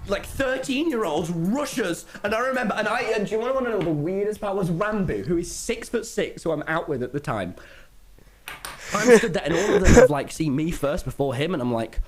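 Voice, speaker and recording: A teenage boy with an English accent telling a rambling story, excitable, swearing often and tripping over his words. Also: high voice, fast. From England. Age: teens. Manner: excitable, swears a lot, stumbles and restarts. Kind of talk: animated story-time narration. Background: background music.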